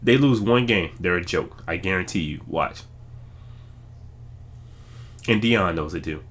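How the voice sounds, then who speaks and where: A man hosts a reaction video and talks in a lowish voice. He comments casually and with animation, hyping up the clip and riffing on it as it plays. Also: measured pace. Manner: animated, chatty, hypes and riffs on the clip.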